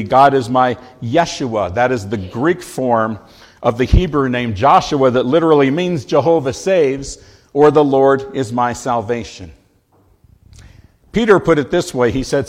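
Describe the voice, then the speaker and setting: Man preaching with slow, drawn-out emphasis. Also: mid-range voice. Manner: slow, emphatic delivery, drawing out key words. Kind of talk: sermon.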